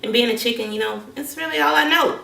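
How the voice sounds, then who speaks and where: A woman voicing a young eagle raised among chickens, speaking quietly and resignedly in slang, recorded with a roomy echo from a distance. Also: a little high, quick pace, gravelly, voice pushed up, heavily acted.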